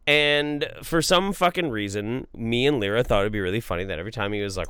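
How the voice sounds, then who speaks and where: A young man hosting a podcast, telling a story in casual chat, loose and profane, doing quick voices for the people he quotes. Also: on the low side, a bit bright, clear, resonant tone, dry recording. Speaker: podcast host.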